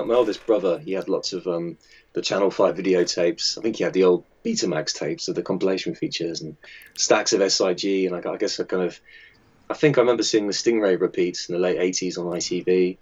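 Man, deep low voice, hesitant and rambling, many fillers, muffled lo-fi audio. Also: a little fast, darkish tone, breathy edge. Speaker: magazine editor and designer. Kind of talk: casual interview answers.

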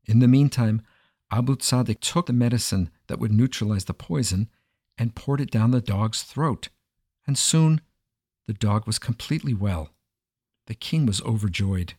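A man narrating a folk tale in an expressive, dramatic storytelling manner. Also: on the low side, normal speed, husky, no echo, clean studio sound.

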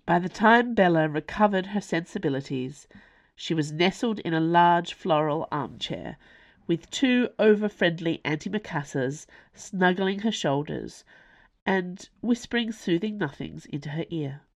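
A woman reads her own novel aloud in a wry, expressive storytelling manner. Her voice sits low but swings widely, rising and falling through each sentence. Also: a little slow, dry recording. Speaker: author and narrator. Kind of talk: audiobook narration.

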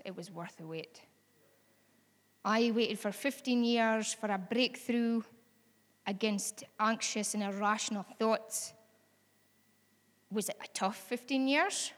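A woman's voice: a little high, a bit bright, in a large hall. A woman with a Scottish accent preaching a sermon in a chatty, earnest way that rises to bold exhortation.

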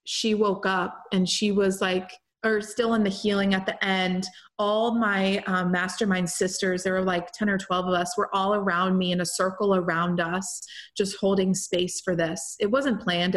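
Chatty woman telling a spiritual story. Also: medium pitch. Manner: chatty, fillers like "like" and "y'all", breathless run-on sentences. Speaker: podcast host and healer. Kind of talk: casual storytelling monologue.

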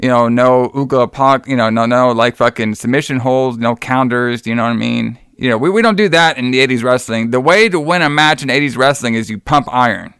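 A man's voice: mid-range voice, fairly quick, few pauses, a bit bright, clean tone, no room sound, clean studio sound. A man hosting a podcast, retelling a show in a rambling, laughing, swearing chat. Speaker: podcast host.

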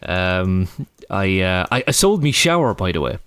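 A man's voice: low-pitched, very animated, unhurried, a bit bright, clear, resonant tone, no echo. An Irish man in his thirties, co-hosting a podcast and telling stories with voices and laughter. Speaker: podcast co-host. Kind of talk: casual chat.

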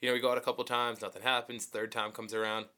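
A young man in casual conversation among friends, his voice bright and forceful. He talks loosely, with plenty of slang and profanity. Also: medium pitch, little pitch movement, quick pace.

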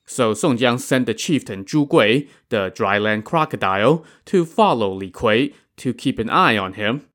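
A man's voice: medium pitch, expressive, measured pace, hardly any pauses, fairly bright tone. A man narrating a classic tale in a conversational, wry storytelling style with casual asides. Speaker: podcast narrator.

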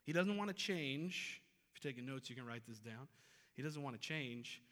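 A pastor in his thirties gives an earnest, emphatic sermon in a church sanctuary and keeps repeating his main phrases. The voice is medium-pitched and fairly bright, with lively intonation at a moderate pace, and the hall reverberates.

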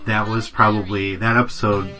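A man's voice: fairly low pitch, little pitch movement, moderate pace, music in the background. A man co-hosting a podcast in casual chat, joking and laughing often. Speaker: podcast co-host.

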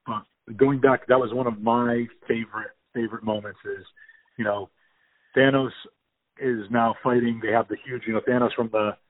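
A man's voice: mid-range voice, steady tone, normal speed, no room sound. A man in casual talk about a movie, enthusiastic and rambling, with many fillers and restarts. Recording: tinny phone-like audio.

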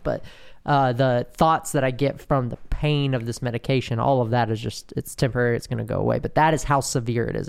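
Gravelly man speaking candidly. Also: mid-range voice. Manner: candid, halting, many restarts and fillers. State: in withdrawal pain, slowed. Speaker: podcast host. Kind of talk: personal monologue.

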